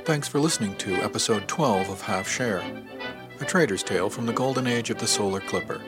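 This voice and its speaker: A man reading a serialized audiobook podcast, narrating in the first person in a calm, measured way. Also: on the low side, over loud music. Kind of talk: scripted narration.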